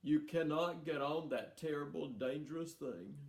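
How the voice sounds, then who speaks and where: A man's voice: on the high side, moderate pace, voice pushed up, close to an everyday voice. A strict, anxious mother laying down the law in a firm, scolding tone, her voice lifting on each no, as a man puts her on. The sound rings through a roomy hall. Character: stern, fretful small-town mother.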